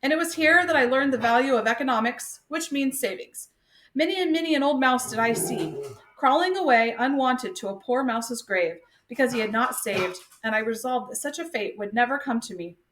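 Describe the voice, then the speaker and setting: Lady doing a whiny melodramatic mouse guy, real high and squeaky, roomy sound. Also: lively intonation, normal speed, a bit bright, slight background noise. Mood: pompous. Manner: pitiful, melodramatic. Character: whiny miserly male city mouse. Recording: echoey room.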